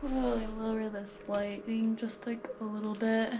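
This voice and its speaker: A woman's voice: fairly high pitch, level tone, unhurried, background noise. A woman chatting casually as she shows how she cares for her pet, with lots of fillers and cooing baby talk for the animal. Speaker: exotic pet keeper. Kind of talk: casual pet care vlog. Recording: background music.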